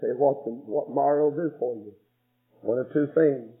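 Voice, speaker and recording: A man preaching a sermon, telling a story emphatically with sudden soft drops in his voice. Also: medium pitch, normal speed. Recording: muffled radio broadcast with faint music.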